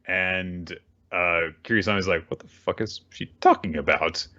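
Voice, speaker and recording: A man's voice: low voice, unhurried, bright, forceful tone, lo-fi sound. A man hosting a casual recap show, talking animatedly with bursts of swearing and voiced character lines. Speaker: podcast host. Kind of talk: casual manga recap chat.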